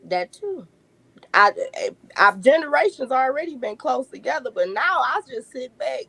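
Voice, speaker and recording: A woman, a podcast guest telling lively family stories and laughing often. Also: sits high, moderate pace, creaky, slightly rough, dry recording, rough recording. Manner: animated storyteller, laughs often. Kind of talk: casual podcast chat.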